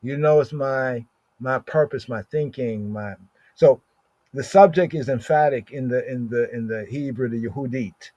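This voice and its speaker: A man's voice: medium pitch, moderate pace, a little mellow, no echo. A man teaching scripture on a livestream, repeating words again and again and checking in with "right?" after nearly every phrase. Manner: repeats words over and over, asks "right?" constantly. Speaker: Bible study teacher. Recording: dull lo-fi stream audio.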